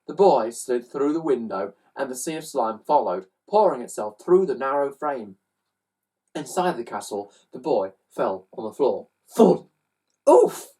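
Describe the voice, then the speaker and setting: Husky, animated woman reading aloud. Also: a bass voice, normal speed, recorded from a distance. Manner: animated, with loud sound effects. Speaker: storyteller. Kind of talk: children's story reading.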